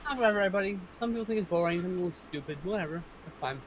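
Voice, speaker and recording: Male co-host, quick and loose, higher voice, faint hiss behind. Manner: quick, loose, swears freely. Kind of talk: casual chat.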